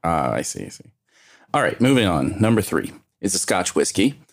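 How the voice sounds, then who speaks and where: A man's voice: low voice, very animated, moderate pace. A man co-hosting a podcast, chatting playfully and reading out tasting notes. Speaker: podcast co-host. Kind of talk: casual chat.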